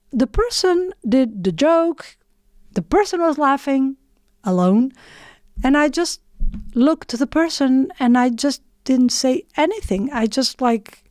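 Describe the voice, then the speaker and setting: A woman giving a reflective motivational talk in short phrases with frequent pauses and non-native English phrasing. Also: fairly high pitch, a little mellow, no room sound, studio quality. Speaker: motivational speaker.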